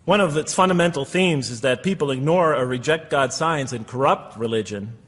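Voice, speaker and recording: A man's voice: mid-range voice, a bit bright, breathy edge. Earnest man lecturing in an echoey hall. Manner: earnest, asks rhetorical questions. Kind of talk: public lecture. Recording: echoey hall, long reverb.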